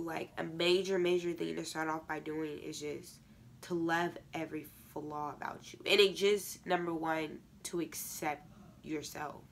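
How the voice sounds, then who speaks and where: Congested teen girl vlogger, gravelly and low. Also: flat delivery, a little slow. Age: teens. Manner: fills every phrase with "like". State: congested, stuffy nose. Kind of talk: casual advice rant to camera.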